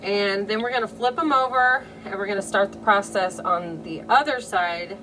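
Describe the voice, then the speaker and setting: A woman's voice: mid-range voice, normal speed, bright, forceful tone. A woman from the Midwest with a Midwestern accent, chatting casually through a DIY restoration project and talking straight to her viewers. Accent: Midwestern American. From American Midwest. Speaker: DIY crafter. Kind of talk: casual how-to narration. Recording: distant mic with room noise.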